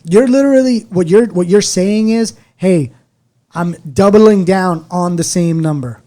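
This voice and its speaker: A man's voice: high-pitched, a little slow, warm tone. A young man co-hosting a podcast in casual slangy chat, often repeating himself as he looks for words. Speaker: podcast co-host.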